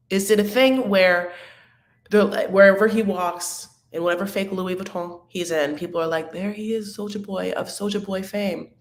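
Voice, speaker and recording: A woman recapping a reality show in a catty, dramatic, gossipy manner, with sudden loud outbursts. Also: on the low side, echoey room. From Arab-American. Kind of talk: casual recap chat.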